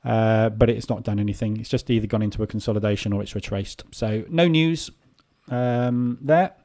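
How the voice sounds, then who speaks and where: Running a live trading room, this host gives loose, rambling commentary on the market, sprinkled with many filler sounds. His voice sits on the low side with a darkish tone, at a moderate pace.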